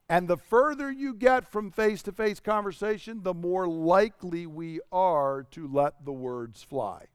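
A man's voice: high voice, smooth, dry recording, clean studio sound. A man giving a sermon in a conversational storytelling way, asking the congregation rhetorical questions. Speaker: pastor.

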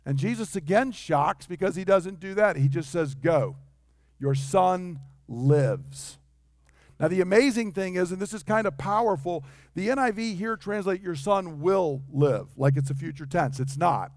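Male preacher, high voice, lively sermon delivery with acted-out quotes, dry close mic. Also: moderate pace, few pauses, no room sound. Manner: animated, acts out quotes in varied voices.

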